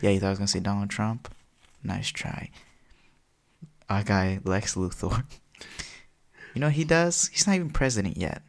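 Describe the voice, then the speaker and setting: A young man co-hosting a podcast, telling jokey stories in an animated, casual way. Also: lowish voice, moderate pace, creaky, long pauses. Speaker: podcast co-host. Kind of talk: casual chat.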